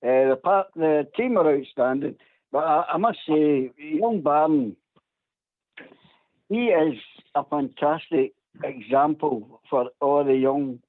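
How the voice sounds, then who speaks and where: A man's voice: a little high, slow, no room sound. A man calling in to a radio phone-in, chatting casually and laughing often between phrases. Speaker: phone-in caller. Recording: tinny phone line, dry.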